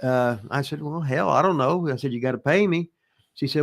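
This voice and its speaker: An older man, his voice sitting a little high. He rambles through profane wrestling yarns, circling back and restarting sentences as he goes. He sounds like a relaxed, chatty storyteller. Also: moderate pace. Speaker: retired pro wrestler answering listener questions. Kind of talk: casual storytelling chat.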